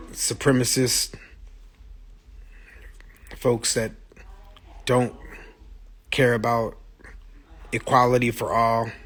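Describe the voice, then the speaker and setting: A man's voice: mid-range voice, fairly bright tone, slightly rough. A man talking on a phone livestream, blunt and profane, speaking with passion and answering viewer comments as they come in. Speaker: musician streaming live to fans. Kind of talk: casual livestream monologue.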